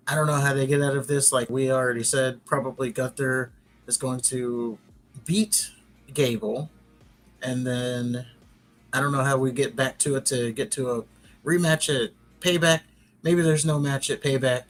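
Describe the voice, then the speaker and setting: A man's voice: medium pitch, steady tone, normal speed, soft background music. Chatty man recapping wrestling. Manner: rambling, chatty retelling with restarts. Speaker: podcast host.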